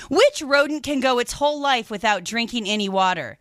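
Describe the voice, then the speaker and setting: A woman hosting a radio shopping show, chatting casually and animatedly, reacting with loud disgust and telling stories. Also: on the high side, lively intonation, brisk, few pauses, no room sound. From lived in New York.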